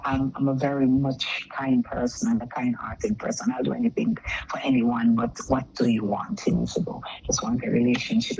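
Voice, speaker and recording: A middle-aged woman telling her story as a caller, acting out what was said and sometimes dropping to a near-whisper. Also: a bass voice. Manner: animated, quotes dialogue, drops to near-whisper at times. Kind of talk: casual storytelling. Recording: dull lo-fi sound with faint noise.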